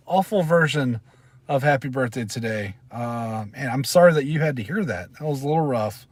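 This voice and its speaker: A man's voice: medium pitch, expressive, moderate pace, dry recording. A middle-aged man hosting a casual live stream from his parked car, chatting and rambling as he reads out names. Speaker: channel host.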